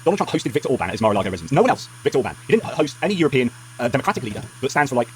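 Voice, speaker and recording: Rapid, ranting angry man. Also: mid-range voice, sing-song, a little mellow, slight background noise. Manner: angry, emphatic, rapid ranting with many restarts. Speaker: political commentary vlogger. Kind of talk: heated political commentary.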